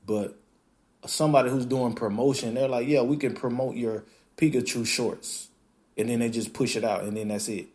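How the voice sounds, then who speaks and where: A man hosting a podcast, talking in a casual, animated monologue that acts out quoted voices and swears freely. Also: medium pitch, moderate pace. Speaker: podcast host.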